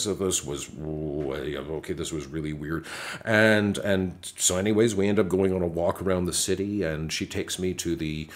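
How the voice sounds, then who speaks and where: A man with a low-pitched voice and steady tone speaks at a moderate pace, casually telling a travel story in an interview. He acts out the dialogue as he goes and restarts often.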